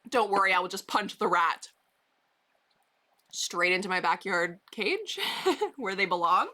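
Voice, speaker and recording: Brief: chatty woman streamer with a bright, sharp voice, casual and rambling, talking to viewers from her basement. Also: lowish voice, animated, moderate pace. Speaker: livestreamer. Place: basement bedroom.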